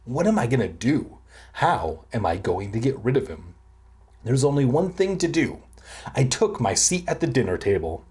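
Young man, comedic book reading, crude ad-libs, lively swinging pitch. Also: normal speed. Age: young adult. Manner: irreverent, crude ad-libbing. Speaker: reader.

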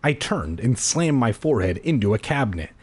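A man hosting a read-aloud podcast, narrating with a husky, slightly breathy voice. His pitch leaps up and down as he plays up the drama. He keeps breaking off into crude throwaway jokes. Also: very animated, fairly quick. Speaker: podcast host reading a children's horror book aloud. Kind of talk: comedic read-aloud with jokey asides.

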